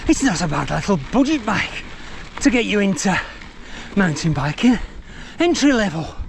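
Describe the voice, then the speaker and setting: A man doing an impression of a soft-spoken older Yorkshire man reviewing a bike. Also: high-pitched, very animated, moderate pace, creaky, slight background noise, pitched above the performer's own voice, exaggerated voice. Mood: mild.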